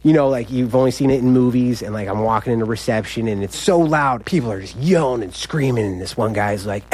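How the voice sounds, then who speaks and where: A man's voice: medium pitch, fairly quick, darkish tone, slight background noise. Young man, casual rambling story, lots of "like", medium voice. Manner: rambling, heavy use of "like", laughs often. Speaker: incarcerated storyteller.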